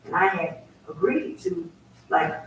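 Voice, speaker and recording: A woman telling a personal story as a guest, emphatic and animated. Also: lowish voice, unhurried. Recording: very echoey, distant, faint ambient noise.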